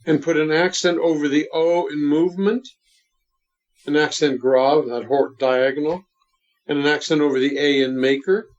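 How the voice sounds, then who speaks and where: A man's voice: a little high, fairly even intonation. Older man coaching, dull lo-fi sound. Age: 70s. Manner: deliberate, emphatic, instructive. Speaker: voice coach guest. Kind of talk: coaching interview talk.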